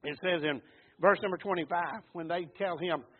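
A man with a drawl preaches a folksy sermon, his high, husky voice rising to near shouts and sinking back down. The recording is thin and phone-like. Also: normal speed. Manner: folksy, repeats words, swells to shouts and drops low.

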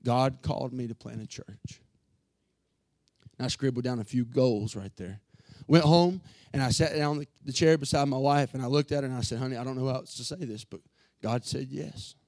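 A pastor preaching an emotional sermon from the pulpit, earnest and building to fervent passages. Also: male voice, mid-range voice, brisk, darkish tone, no room sound.

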